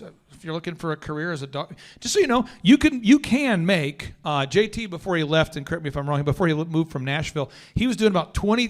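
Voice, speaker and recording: Casual and full of slang, a high-voiced man hosts a podcast with lots of energy. He's animated and commits hard to the stories he tells.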